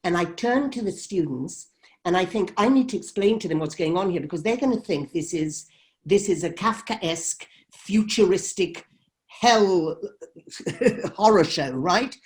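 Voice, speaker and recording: A woman's voice: fairly low pitch, lively intonation, measured pace. A woman documentary filmmaker telling a story in an interview, emphatic and dramatic as she acts out heated exchanges.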